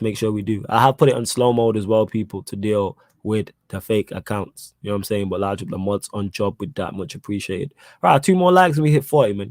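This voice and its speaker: A man's voice: fairly low pitch, a little mellow, dry recording. A young man hosting a live football podcast, reading chat questions in a slangy, emphatic way and repeating his points. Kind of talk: casual live-stream chat.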